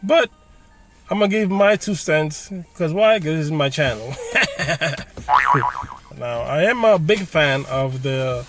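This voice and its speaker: A man's voice: a little high, animated, takes it slowly, long pauses, faint music behind. A man hosting his car channel, giving opinions in a joking, casual way with frequent laughs.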